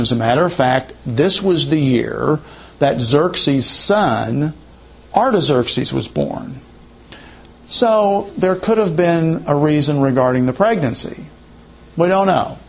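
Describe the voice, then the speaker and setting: A man's voice: on the high side, lively intonation, measured pace, creaky. A man teaching verse by verse through a Bible passage. He reads verses aloud, then muses on them, often hedging and weighing both sides.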